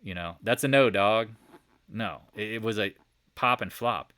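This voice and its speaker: A man giving a casual, animated stock market recap over charts, joking and swearing as he goes. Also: fairly low pitch, unhurried. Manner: animated, profane, joking asides.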